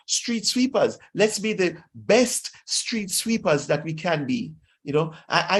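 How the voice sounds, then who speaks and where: A pastor with a Jamaican accent preaching a sermon, exhorting his listeners and slipping into Patois phrases. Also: a little high.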